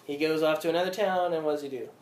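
A man's voice: fairly high pitch, rapid-fire, darkish tone. A man leading an informal Bible study, reading scripture aloud and then explaining it with questions to the group. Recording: roomy with faint background noise.

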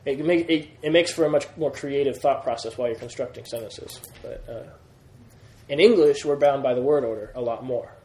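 A man's voice: mid-range voice, a little fast, mellow. A man teaching a Greek grammar lesson to a class, patient, repeating key points and checking that students follow. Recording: roomy classroom sound.

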